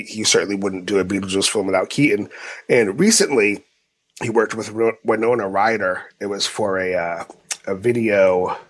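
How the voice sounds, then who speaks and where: A man co-hosting a podcast in casual chat, halting and often repeating his words as he talks. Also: on the low side, a bit bright, slightly rough. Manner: halting, with frequent word repeats. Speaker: podcast co-host.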